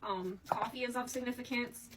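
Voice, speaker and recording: High-voiced chatty woman tarot reader. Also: steady tone, moderate pace, far from the mic, noisy background. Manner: chatty, often addresses listeners as "Divine Collective". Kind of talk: casual intuitive tarot reading.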